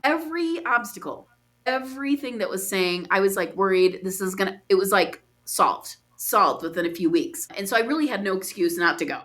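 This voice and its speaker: A woman on a podcast as a guest, telling a story with animated, acted-out dialogue and frequent laughs. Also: fairly quick. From United States. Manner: acts out quoted dialogue with big pitch jumps, laughs often.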